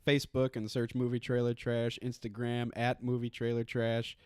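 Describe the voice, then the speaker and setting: A man co-hosting a podcast in casual chat, tossing in deadpan jokes. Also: mid-range voice, moderate pace, clean tone, dry recording. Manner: joking, deadpan quips. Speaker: podcast co-host.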